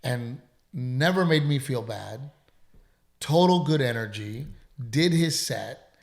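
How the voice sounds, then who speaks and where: A comedian with a gravelly, creaky, mid-range voice tells a story during a casual podcast chat, taking it slowly with lively intonation. He's emphatic and swears freely, and he sounds congested, as though still getting over an illness.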